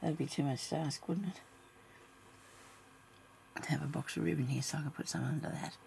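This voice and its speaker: A woman who makes craft videos, chatting casually to herself while she sews and mumbling, with her voice often dropping into soft half-whispers. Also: deep voice, fairly even intonation, a little fast, gravelly, a little hiss or hum. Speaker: craft vlogger. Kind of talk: casual talk while stitching.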